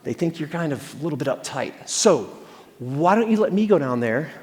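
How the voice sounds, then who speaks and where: A man's voice: a little high, big pitch swings, moderate pace, darkish tone, voice pushed down. A man playing an easygoing young man casually coaxing his stern father, with a long hall reverb.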